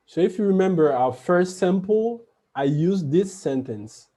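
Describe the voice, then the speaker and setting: A man's voice: high voice, lively intonation, unhurried, mellow. A man teaching a French lesson online, patiently repeating each example sentence and explaining it step by step.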